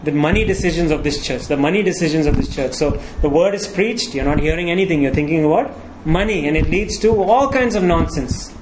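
A man's voice: fairly high pitch, a little fast, noisy background. A pastor preaching a sermon, walking his congregation through scripture with frequent rhetorical questions.

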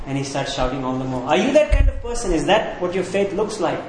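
Male preacher, high-pitched voice, questioning the congregation, heavy room echo. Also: expressive, fast, hardly any pauses, a little mellow, slight background noise. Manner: asks the congregation questions, repeats key phrases. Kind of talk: sermon. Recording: very echoey room with faint ambience.

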